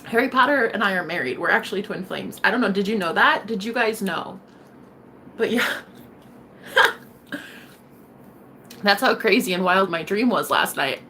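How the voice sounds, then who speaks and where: A sassy young woman rambles to her camera in a casual vlog, playful and cheeky, sometimes hushed and sometimes loud. Her pitch sits in a mid range. A faint hiss runs under her voice. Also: animated, normal speed, pauses often. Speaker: vlogger.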